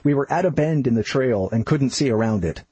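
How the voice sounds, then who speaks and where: A man narrates his own memoir in a steady, descriptive way. His voice is very husky and breathy, pitched in the middle range for a man. The recording is dry and close, with no room sound. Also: brisk, dry recording, rough recording.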